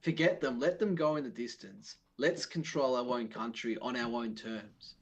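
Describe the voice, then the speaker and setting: A male guest talks in an earnest, driving way, pressing his points harder as he goes. His voice sits at a middle pitch. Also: normal speed, husky, rough recording. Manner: earnest, rising to emphatic points. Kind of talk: casual chat.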